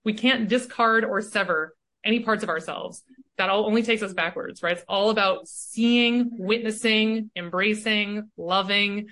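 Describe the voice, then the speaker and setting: A woman speaking as a coach and podcast guest in casual conversation. She is animated and keeps tagging her points with "right?". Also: medium pitch, measured pace. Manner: animated, often tags "right?".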